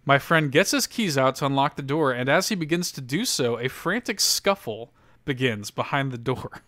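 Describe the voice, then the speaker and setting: A man's voice: mid-range voice, animated, normal speed, fairly bright tone, dry recording, studio quality. A man hosting a casual podcast, reading an article aloud with lots of laughter and loose, profane storytelling. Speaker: podcast host.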